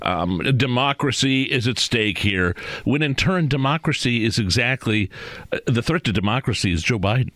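A man's voice: mid-range voice, animated, fairly bright tone, no room sound. Wry male co-host, dry close voice. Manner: wry, sarcastic, drawn-out. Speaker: talk show co-host. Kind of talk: opinionated political commentary.

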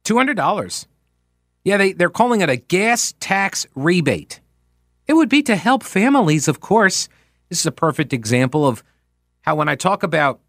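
A man's voice: fairly high pitch, a bit bright, no echo, studio quality. A man hosting a political talk radio show, ranting in a sarcastic, exasperated way. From United States. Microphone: studio microphone.

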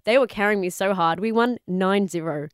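A woman's voice: mid-range voice, moderate pace, smooth, no echo, clean studio sound. A woman, congested from a cold, chatting casually and giggling as a gaming streamer on a podcast. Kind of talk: casual chat.

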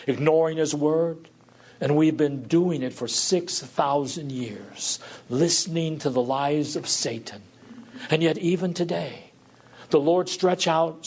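A man's voice: a little high, darkish tone. A man preaching a sermon as a pastor, reading scripture aloud and then explaining it in an earnest, reflective way.

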